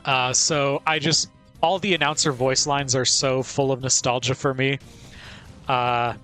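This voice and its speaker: A man's voice: mid-range voice, fairly even intonation, unhurried, sharp tone, soft background music. A man streaming a video game, chatting casually and playfully and laughing often. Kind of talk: casual gameplay commentary.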